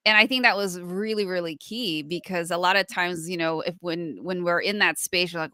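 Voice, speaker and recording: A woman's voice: on the low side, normal speed, few pauses, sharp tone, dry recording, studio quality. A woman co-hosting a podcast, talking reflectively and acting out inner thoughts as she speaks. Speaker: podcast co-host. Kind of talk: casual conversational discussion.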